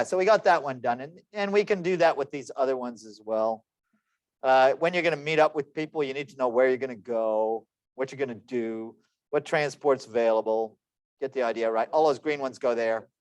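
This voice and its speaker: A man's voice: fairly high pitch, no echo. A man in his forties teaching an online class with chatty, joking, self-deprecating asides. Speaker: lecturer. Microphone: computer microphone.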